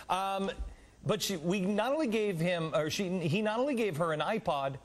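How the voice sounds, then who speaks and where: American man, TV host, fairly high voice, very lively pitch, jokey. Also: moderate pace. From United States. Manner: joking, rambling, expressive. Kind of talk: TV interview.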